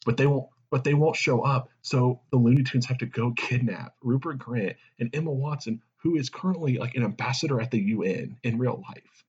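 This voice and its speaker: A man co-hosting a podcast, rambling and laughing as he pitches a silly movie idea in casual chat. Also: moderate pace, few pauses, darkish tone, breathy edge. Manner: rambling, laughing, acting out quoted lines. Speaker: podcast co-host. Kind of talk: casual comedic brainstorming chat. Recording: slightly dull lo-fi audio.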